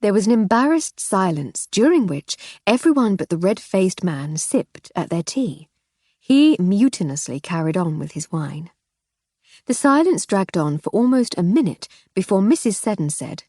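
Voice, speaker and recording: A woman reading a first-person mystery audiobook in a wry, measured way. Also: lowish voice, sing-song, dark tone, husky, no echo, studio quality. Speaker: audiobook narrator.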